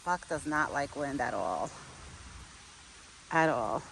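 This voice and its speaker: A woman chatting casually to camera outdoors while feeding a pet deer, cooing to it in soft baby talk. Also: a bass voice, expressive, takes it slowly, gravelly. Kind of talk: casual outdoor vlog chat. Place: outdoors in a windy yard. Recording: faint wind and outdoor noise.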